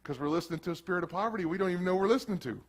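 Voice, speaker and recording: A man preaching a sermon as pastor in a casual, animated way, slipping into quick acted asides. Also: high-pitched.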